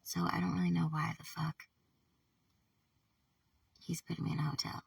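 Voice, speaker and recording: A woman talking to camera in a rambling, halting personal monologue, swearing often, trailing off mid-thought and sometimes dropping to a whisper. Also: deep voice, level tone, gravelly, distant mic, slight background noise. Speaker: vlogger.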